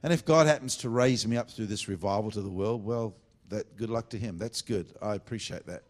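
Fervent revivalist preacher man. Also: brisk. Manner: swings between loud fervent bursts and low confiding asides. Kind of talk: sermon. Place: church meeting.

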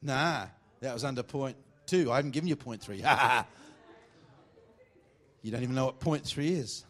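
A man preaching a sermon as pastor, mixing jokey, teasing asides to the congregation with emphatic preaching and slow, deliberate scripture reading. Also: mid-range voice. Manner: reads scripture slowly and deliberately.

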